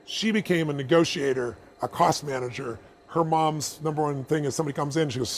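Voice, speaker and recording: A man, a motivational speaker, answering interview questions with animated, laughing stories. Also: a little high, a little hiss or hum. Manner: animated, fast, laughing storyteller.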